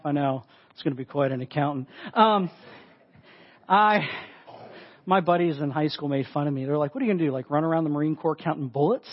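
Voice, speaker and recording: A pastor preaching a sermon in a conversational, emphatic way, often saying "like". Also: male voice, a little high, dull audio.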